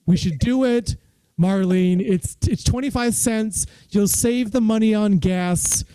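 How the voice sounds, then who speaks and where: A man's voice: sits high, unhurried, mellow, smooth, rough recording. A man who is a stand-up comedian, telling rambling, self-deprecating stories in a casual chat over a video call.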